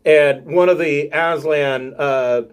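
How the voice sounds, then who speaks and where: A man narrating a tabletop game as game master, halting and filling gaps with ums and uhs. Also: fairly high pitch, steady tone, clear, resonant tone.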